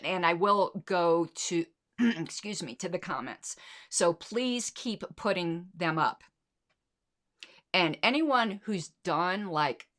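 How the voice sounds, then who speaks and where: A woman's voice: on the low side, a bit bright. A woman hosting a casual livestream, talking through her notes with frequent restarts and fillers. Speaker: show host.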